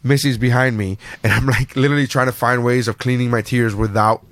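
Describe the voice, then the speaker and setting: A man's voice: mid-range voice, fairly even intonation, brisk, a bit bright, no room sound. A man hosting a podcast, chatting casually about movies, rambling and swearing often as he tells a story. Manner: rambling, profane, self-interrupting storyteller. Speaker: podcast host.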